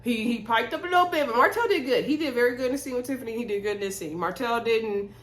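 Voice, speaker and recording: A woman's voice: a little high, fast, low-quality recording. A woman casually recapping a reality TV episode to camera, retelling the scenes and acting out the cast's lines while talking to her viewers as "y'all".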